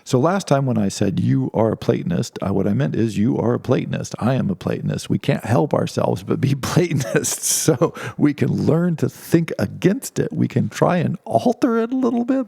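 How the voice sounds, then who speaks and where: A man's voice: medium pitch, gravelly, mellow, breathy edge, no echo, clean studio sound. A man giving an informal philosophy lecture, talking conversationally with many restarts and asides.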